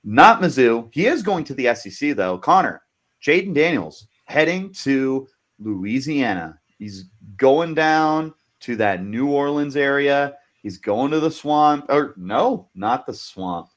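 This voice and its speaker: Guy hosting a sports podcast, teasing, playful banter, regular pitch. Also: big pitch swings, unhurried. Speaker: podcast host. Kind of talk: casual sports podcast chat.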